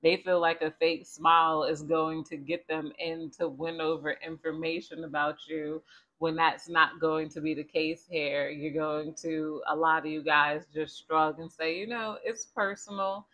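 This woman is a tarot reader giving viewers a casual, chatty, conversational reading, repeatedly saying "Spirit, please tell me more." Her low voice moves little in pitch, keeps a measured pace, and has a slightly bright quality.

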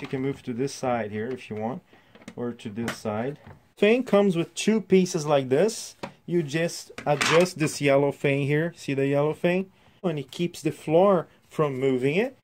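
Guy walking thru a toy set on camera, kinda high voice, chatty and hands-on. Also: darkish tone, slight background noise. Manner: chatty, shows pieces while explaining. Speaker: toy reviewer. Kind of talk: casual hands-on toy review.

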